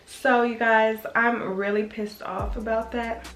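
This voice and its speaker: A woman's voice: a little high, steady tone, takes it slowly, a bit bright, roomy sound, soft background music. A young woman vlogging casually, chatting straight to her viewers with lots of filler words. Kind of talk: casual vlog chat to viewers.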